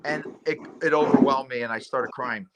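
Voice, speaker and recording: A middle-aged man hosting a casual chat, rambling through animated stories and acting out voices. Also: mid-range voice, normal speed, heavy background noise. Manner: rambling, animated storyteller who acts out voices. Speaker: talk show host.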